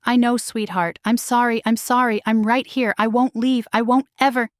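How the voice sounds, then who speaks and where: A woman's voice: on the high side, fairly even intonation, moderate pace, no echo, studio quality, pitched above the performer's own voice, close to an everyday voice. A woman voicing a male werewolf alpha who pleads with a breaking voice in an audiobook romance story. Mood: tender pleading.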